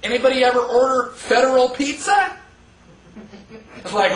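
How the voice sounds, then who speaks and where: A man teaching a live class in a casual, conversational way, asking the room rhetorical questions and acting out quick mock quotes. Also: sits high, animated, fairly bright tone. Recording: echoey room from far off.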